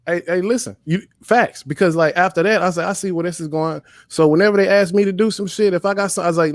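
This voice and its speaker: Live-stream host, male, heated and profane storyteller, slightly high voice. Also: fast, few pauses, no echo, studio quality. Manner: profane, emphatic, storytelling rants. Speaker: livestream host. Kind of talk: heated casual commentary.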